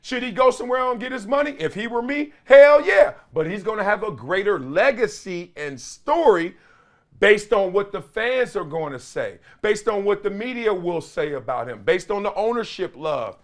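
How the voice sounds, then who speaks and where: A middle-aged man hosting an animated sports talk show, playful, with quick asides and impressions. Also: high-pitched. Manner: lively, playful, drops into quick impressions and chants. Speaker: host.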